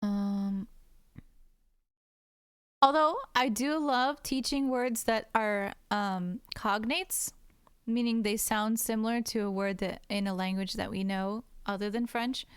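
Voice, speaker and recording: Her voice fairly high and fairly even, an American woman speaks slowly, clear and resonant in a dry, clean studio recording. A French teacher, she draws indoors at her computer while casually chatting to viewers, swearing, saying "like" constantly, and laughing a lot.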